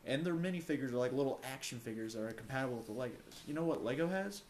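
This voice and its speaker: A man's voice: medium pitch, rapid-fire, a little hiss or hum. Young man ranting in casual chat. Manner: animated, joking rants. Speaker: podcast co-host.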